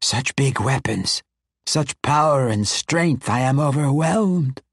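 A man's voice: medium pitch, animated, slow, dry recording, clean studio sound, voice pushed up. A man voicing a huge six-armed female snake demon in an audiobook, with a purring, mocking delivery. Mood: purring tease. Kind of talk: audiobook character voice.

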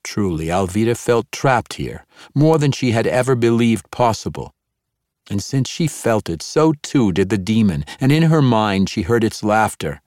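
Male narrator, low voice, dry close sound, measured audiobook read. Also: sing-song, darkish tone, dry recording.

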